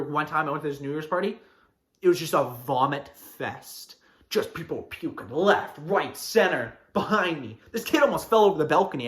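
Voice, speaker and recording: A man's voice: on the high side, a bit bright. Fired-up ranting young-sounding man. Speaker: podcast host. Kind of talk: casual ranting monologue.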